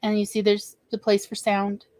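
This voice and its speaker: A woman's voice: medium pitch, completely flat delivery, moderate pace, darkish tone, no room sound. A woman with a Southern US accent hosting a casual livestream chat, rambling and laughing easily. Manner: chatty, rambling, laughs often. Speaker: host.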